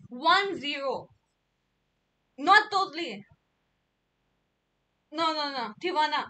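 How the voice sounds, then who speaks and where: High-voiced giggly woman streamer. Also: animated, slow pace, pauses often, bright, forceful tone. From India. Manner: playful, giggly, repeats words. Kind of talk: casual livestream chat.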